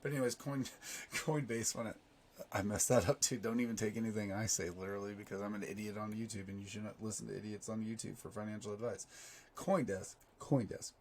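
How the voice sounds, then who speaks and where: Hoarse raspy man rambling through news. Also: lowish voice, level tone, fast, slight background noise. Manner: rambling, self-deprecating asides. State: hoarse, sore throat. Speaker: finance YouTuber. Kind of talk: casual commentary reading news articles.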